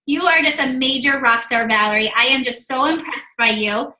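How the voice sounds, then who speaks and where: A high-pitched woman with a bright, forceful voice hosts a team call and heaps on effusive praise. Her voice rings with a roomy echo. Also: moderate pace. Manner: effusive, many fillers like "like" and "um". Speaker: host of a team video call. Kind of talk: gushing, upbeat team-call chat.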